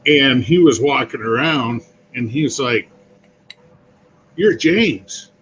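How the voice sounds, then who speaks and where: A man's voice: medium pitch, moderate pace, lo-fi sound, a little hiss or hum. A man, a barbecue YouTuber, telling chatty stories in a casual talk. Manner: chatty, animated storyteller. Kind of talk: casual chat.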